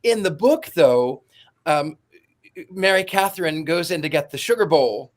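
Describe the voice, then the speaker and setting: A man's voice: a little high, expressive, a little slow. A man co-hosting a podcast who explains with enthusiasm and wanders into long asides. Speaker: podcast co-host. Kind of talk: casual chat.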